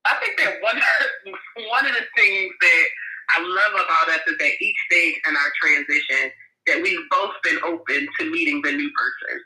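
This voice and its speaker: Soft, hesitant woman in an echoey room. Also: fairly low pitch, normal speed. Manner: soft-spoken, hesitant, reflective, laughs often. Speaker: podcast co-host. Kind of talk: casual conversation.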